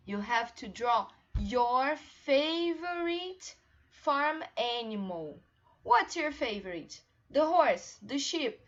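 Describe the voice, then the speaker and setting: A young woman teaching English to small children in slow, encouraging, sing-song questions, recorded on a laptop mic. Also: fairly high pitch, a bit bright. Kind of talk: children's online class with songs. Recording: slightly dull lo-fi home recording.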